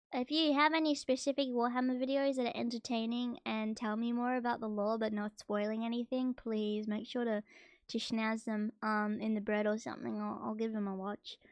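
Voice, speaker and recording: A woman streamer chatting casually while reacting to a video, playful, her voice jumping much higher when excited. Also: normal speed, clear, resonant tone, no echo.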